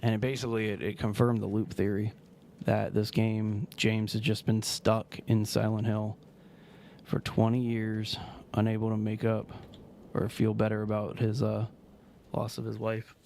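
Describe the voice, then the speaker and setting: A man's voice: on the low side, moderate pace, vocal fry, slight background noise. A man streaming a video game, talking casually and rambling as he plays. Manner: rambling, relaxed, trails off mid-sentence. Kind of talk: casual gameplay commentary.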